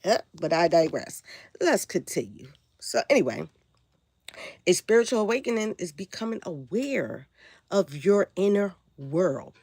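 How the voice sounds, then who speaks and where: Raspy-voiced woman hosting a spiritual livestream. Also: lowish voice, very animated, measured pace, darkish tone, no echo. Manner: preachy, asks viewers if they follow. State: raspy from the flu. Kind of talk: casual livestream talk.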